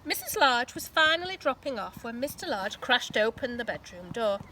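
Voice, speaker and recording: Expressive woman reading a storybook aloud. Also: on the high side, moderate pace, slight background noise, low-quality recording. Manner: expressive, asks listeners questions. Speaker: teacher reading to children.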